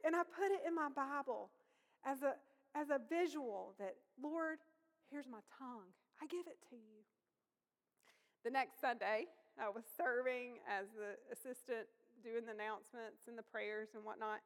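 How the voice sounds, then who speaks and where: A woman preaching a sermon, telling a personal story in a conversational, lively way. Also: sits high, normal speed. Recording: long reverb of a large hall.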